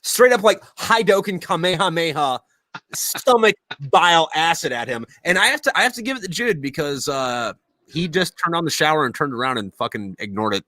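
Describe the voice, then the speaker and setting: A man's voice: on the high side, lively intonation, fairly quick, bright, forceful tone, no room sound. A man hosting a podcast, telling rambling stories in casual chat and swearing constantly. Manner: profane, rambling storyteller. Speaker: podcast host.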